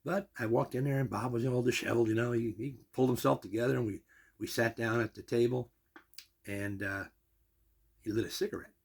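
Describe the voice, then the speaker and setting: A man's voice: medium pitch, fairly even intonation, a little fast. An older man telling a long personal story in a rambling, casual way, full of asides and restarts. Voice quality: gravelly, husky.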